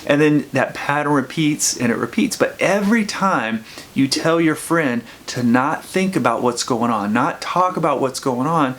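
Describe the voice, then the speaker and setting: A man's voice: medium pitch, animated, moderate pace, fairly bright tone. Earnest man giving counseling advice. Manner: earnest, repeats phrases, restarts often. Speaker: addiction counselor. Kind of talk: earnest advice talk to camera.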